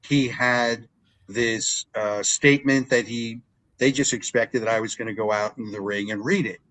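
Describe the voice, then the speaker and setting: This is an older man, by trade a wrestling ring announcer, sharing stories as a guest on a casual interview. His mid-range voice moves at a normal speed, and he animatedly acts out remembered conversations.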